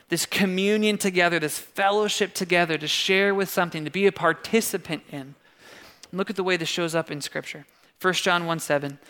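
A man preaching a sermon in a relaxed, conversational way, often checking in with "right?". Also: fairly high pitch. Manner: conversational, keeps asking "right?". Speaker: pastor.

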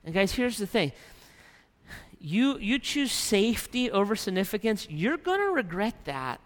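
A man's voice: sits high, lively intonation, normal speed, a bit bright, smooth. A man preaching a sermon, reading scripture aloud and then retelling it in his own emphatic words. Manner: reads scripture then paraphrases God's voice with emphasis. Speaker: pastor. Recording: reverberant hall.

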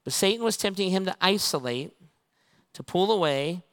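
A man preaching a sermon in a big, echoing hall, his voice smooth and a touch high. He acts out little conversations, switching between the voices in a story. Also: normal speed. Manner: animated storytelling, acting out both sides of conversations. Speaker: pastor. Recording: long reverb of a large hall.

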